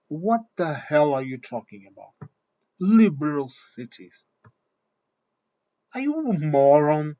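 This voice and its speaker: A man's voice: on the high side, sing-song, slow, pauses often, dark tone. Blunt, swearing man on a dull recording. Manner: blunt, swearing, repeats himself. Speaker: vlogger. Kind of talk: opinion monologue.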